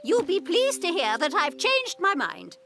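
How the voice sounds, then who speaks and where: Ermintrude, a vain gushing cow. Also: female voice, very high voice, wildly swooping pitch, a little slow, heavily acted. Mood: coaxing. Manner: theatrical, affected, calls everyone dear heart. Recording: music playing underneath.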